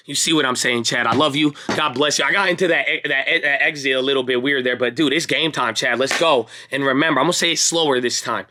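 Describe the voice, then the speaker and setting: A man's voice: medium pitch, fast, few pauses, bright, forceful tone. A young man hosting a casual stock market recap, hyped and talking straight to his viewers like friends. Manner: hyped, pep-talk energy, calls viewers baby and bro. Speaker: stock market video host.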